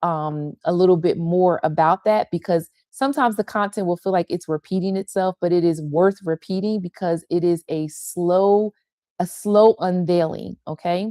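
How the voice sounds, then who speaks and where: A woman's voice: on the low side, moderate pace, warm tone, no echo, studio quality. An older woman pastor giving a tender, confessional devotional talk on a livestream, repeating phrases for emphasis. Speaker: pastor and women's ministry leader. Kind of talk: heartfelt devotional teaching on a livestream.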